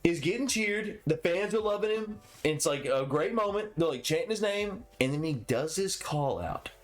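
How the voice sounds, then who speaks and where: A man co-hosting a casual fight-reaction chat, animated and profane. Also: fairly high pitch, normal speed. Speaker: podcast co-host.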